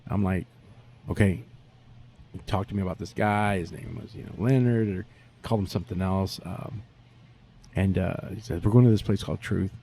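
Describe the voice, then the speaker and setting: A man, a barbecue pitmaster telling stories in a profane, animated way during a casual interview. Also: low voice, moderate pace, long pauses, a little hiss or hum.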